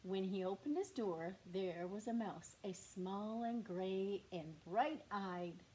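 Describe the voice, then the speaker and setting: A woman teacher reading a picture book aloud to young children, slow and expressive, with whispered asides to the class. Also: mid-range voice, slight background noise. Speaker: kindergarten teacher.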